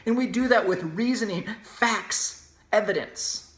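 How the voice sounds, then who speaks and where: A man's voice: high-pitched, unhurried, fairly bright tone. A man hosting his own podcast, delivering an argumentative, emphatic solo opinion monologue. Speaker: podcast host. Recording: roomy echo.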